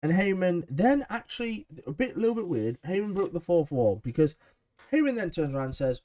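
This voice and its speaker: A man's voice: sits high, big pitch swings, fairly quick, dark tone. A man recapping a wrestling episode in a chatty, enthusiastic way, with frequent ums. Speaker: wrestling show reviewer.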